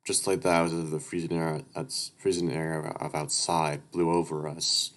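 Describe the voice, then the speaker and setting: A man with a very low voice narrating a visual novel read-through in a loose, casual way. He swears, stumbles over words and tosses in asides. Loud music runs under everything. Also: level tone, moderate pace, hardly any pauses. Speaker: let's-play narrator reading a visual novel aloud.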